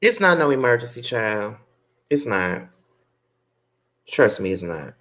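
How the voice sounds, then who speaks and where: A woman giving a blunt, sassy live recap, swearing freely and breaking into sharp outbursts. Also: sing-song, measured pace. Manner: rants with sudden high-pitched outbursts. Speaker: live-stream show reviewer. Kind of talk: unscripted live recap commentary.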